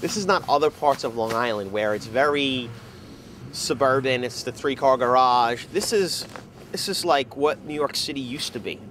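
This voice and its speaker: A man's voice: medium pitch, normal speed, a bit bright, slight background noise. A man in his thirties, a father of two, speaking conversationally with frequent ums. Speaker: parent and resident. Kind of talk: casual interview.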